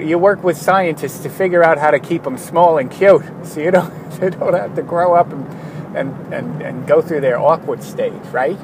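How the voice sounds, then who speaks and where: A tired man rambling casually through a vlog, wandering off on self-mocking tangents. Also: fairly high pitch. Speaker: vlogger. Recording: steady traffic noise behind.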